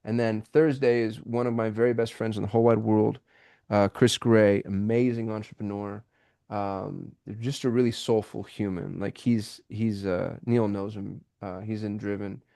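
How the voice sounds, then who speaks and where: A man hosting a live call-in business show, talking in an excitable, rambling way with many restarts over a video call. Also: on the low side, normal speed, gravelly. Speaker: host. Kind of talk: casual live show chat.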